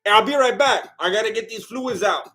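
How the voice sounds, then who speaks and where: Over loud music, a man with a high voice hosts a live fight watch-along, chatting casually with his chat. He laughs often and retells moments using quick quoted voices.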